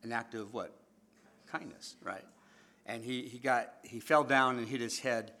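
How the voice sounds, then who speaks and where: A man preaching a sermon to his church congregation, animated and joking with the crowd as he teaches. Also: medium pitch, moderate pace. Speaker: pastor.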